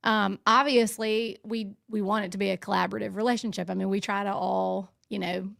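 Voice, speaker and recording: A woman official answers an interview question in a measured, conversational way. Her voice has a gravelly edge. The sound is close and dry. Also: medium pitch, steady tone, fairly bright tone, no echo. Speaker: state legal official guest.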